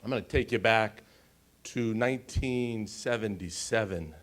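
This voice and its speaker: A man in his forties from the United States, giving an emotional personal story on a conference panel and often pausing to check in with the audience. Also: lowish voice. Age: 40s. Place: conference stage.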